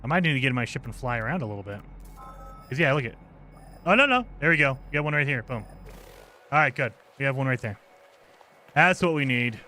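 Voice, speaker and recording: Expressive and brisk yet given to long pauses, a man with a medium-pitched, bright, forceful voice streams a game, narrating his moves and grumbling when things go wrong. He's out of breath at times from running, and there's a faint hiss or hum.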